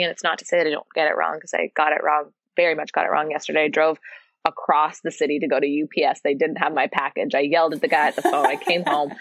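Earnest low-voiced woman, yoga teacher. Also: no room sound. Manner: earnest, open and expressive, speeds up and slows down for emphasis. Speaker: yoga and breathwork teacher, podcast guest. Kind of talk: casual interview conversation.

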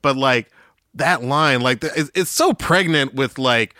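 Bright-voiced man talking music. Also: mid-range voice, measured pace, no echo, studio quality. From Atlanta, US. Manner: enthusiastic, musing analysis. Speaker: podcast co-host. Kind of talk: casual music-discussion chat.

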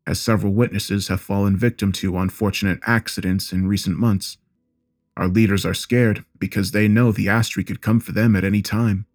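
A man narrating a first-person horror story in a steady, grave manner. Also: fairly low pitch.

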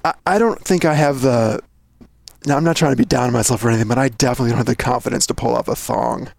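Gravelly self-deprecating man chatting. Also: medium pitch, no room sound. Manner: self-deprecating, halting, laughs often. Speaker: podcast guest. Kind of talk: casual comedic chat.

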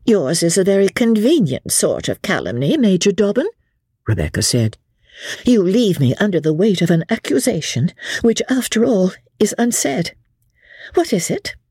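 A woman's voice: medium pitch, big pitch swings, moderate pace, warm tone, slightly rough, no echo, clean studio sound, voice pushed up. A woman voicing a charming, scheming young woman whose sweetness has defiance under it. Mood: defiant.

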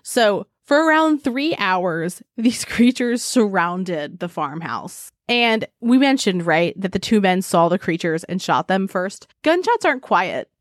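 A woman from Arizona co-hosting a casual podcast, animated, laughing often and swearing freely. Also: mid-range voice, measured pace, hardly any pauses, dry recording, clean studio sound. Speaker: podcast co-host. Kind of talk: casual chat. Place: home.

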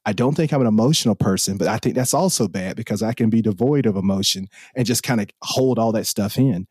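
A man's voice: on the low side, fast, a little mellow, slightly rough, no echo, studio quality. Earnest, impassioned man on a podcast. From Southern US. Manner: earnest, impassioned, repeats himself. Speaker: podcast host. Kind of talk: heartfelt podcast conversation.

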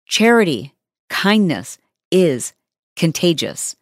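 A middle-aged woman hosting a podcast, telling a story in a chatty, animated way with lots of fillers. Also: on the low side, slow, no room sound, clean studio sound. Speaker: podcast host. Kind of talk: casual podcast monologue.

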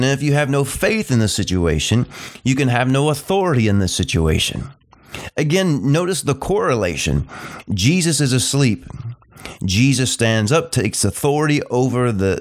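A middle-aged man preaching a sermon, repeating short phrases and slowing down to stress key points. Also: mid-range voice. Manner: emphatic, repetitive preaching cadence, slows down on key phrases.

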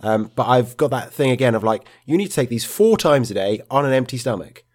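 Man, podcast co-host, mid-pitched, dry teasing humor, casual. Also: expressive, brisk. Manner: dry, teasing, laughs along. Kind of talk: casual chat.

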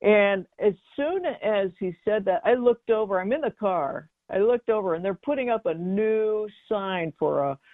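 A woman's voice: medium pitch, lively intonation, normal speed, hardly any pauses, no room sound. A middle-aged woman tells her own story as a guest, rambling along with fillers and restarts. Her voice comes through a narrow, tinny line, dry with no room sound. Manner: chatty, with many fillers and restarts. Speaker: guest, baking mix business founder. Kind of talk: telling a personal story in an interview.

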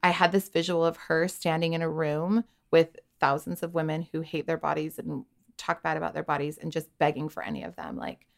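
Woman in her 30s, kinda gravelly, chatty podcast guest, lots of "like"s. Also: low voice, flat delivery, brisk. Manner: candid, chatty, full of "like" and quoted inner thoughts. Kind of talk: personal storytelling in a podcast interview.

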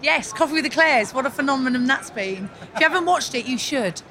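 A woman's voice: sits high, animated, a little fast, bright, forceful tone. A woman, a bubbly brand representative chatting enthusiastically at a trade show stand. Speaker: brand representative and stream co-host. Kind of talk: casual chat. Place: exhibition stand.

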